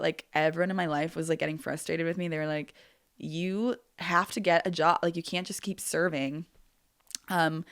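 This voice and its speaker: A woman's voice: low voice, no echo, studio quality. A woman in her twenties hosting a podcast, telling a personal story in a chatty way and peppering her talk with "like". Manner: chatty, heavy use of "like", acts out quoted voices. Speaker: podcast host. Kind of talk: casual storytelling.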